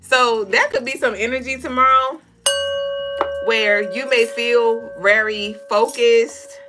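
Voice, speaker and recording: A woman hosting a casual spiritual reading livestream, talking straight to viewers in a loose, profane, animated way. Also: on the high side, slow pace, music in the background. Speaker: spiritual reader and co-host.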